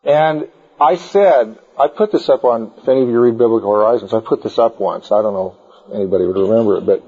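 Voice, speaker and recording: A man's voice: lowish voice, fast talker, warm tone, husky. A man teaching a group about the Bible in an informal, digressive style, full of anecdotes, in a dull lo-fi recording.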